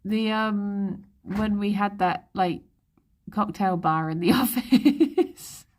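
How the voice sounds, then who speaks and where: A woman's voice: medium pitch, slow. A young woman streaming live, chatting casually and rambling, laughing often as she goes. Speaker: livestreamer. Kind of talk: casual chat.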